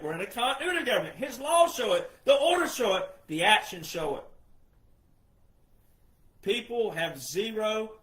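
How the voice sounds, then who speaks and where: A man delivering an impassioned political monologue, emphatic and repetitive, often rising to shouts. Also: high voice, reverberant, poor audio. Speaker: political commentator.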